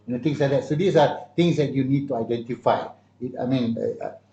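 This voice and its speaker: Chatty Malaysian man, mellow and echoey. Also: mid-range voice, brisk. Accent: Malaysian English. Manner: conversational storyteller, slips Malay words into his English. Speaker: guest. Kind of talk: casual chat. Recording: muffled, echoey room.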